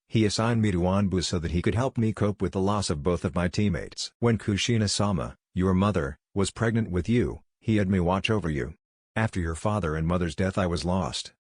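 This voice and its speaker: A man voicing a calm, measured male ninja teacher. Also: low-pitched, husky, dry recording, studio quality.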